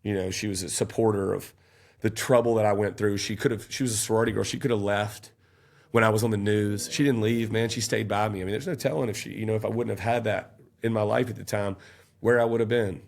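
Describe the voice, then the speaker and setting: A man, speaking as a podcast guest. His voice sits fairly low, with a gravelly, creaky edge. He tells his story earnestly and gets worked up as he recounts events. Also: steady tone, quick pace. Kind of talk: casual storytelling.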